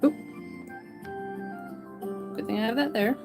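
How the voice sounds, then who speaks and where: A fairly high-voiced woman streams herself drawing and chats casually with her viewers. She greets them one by one and often trips over her words, then corrects herself. Soft music plays faintly behind her. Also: slow pace, creaky. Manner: chatty, greets viewers by name. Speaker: livestreaming artist. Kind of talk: casual chat while drawing.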